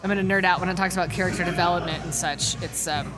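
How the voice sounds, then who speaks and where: Fast-talking, blunt woman co-host. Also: fairly low pitch, over music. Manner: blunt, animated, quick to laugh. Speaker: podcast co-host. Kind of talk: casual chat.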